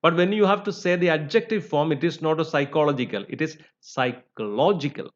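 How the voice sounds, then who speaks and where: A man teaching English word stress, spelling out suffixes letter by letter and pausing often on fillers. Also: fairly high pitch. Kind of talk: spoken lesson on word stress. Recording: lo-fi dull recording.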